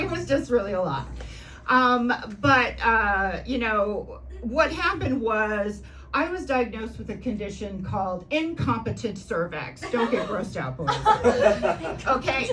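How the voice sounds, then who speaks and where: A woman performing a stand-up comedy set on a club stage, brash and animated, often laughing at her own jokes. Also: medium pitch. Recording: distant mic with noisy room.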